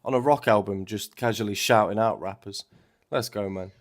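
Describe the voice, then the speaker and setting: A man hosting a music reaction video, chatting in an animated, rambling way and swearing freely. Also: fairly low pitch, normal speed. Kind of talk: casual reaction commentary.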